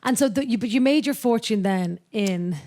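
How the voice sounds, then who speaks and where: A woman interviewing a guest, asking brisk, probing questions. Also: a little high, mellow.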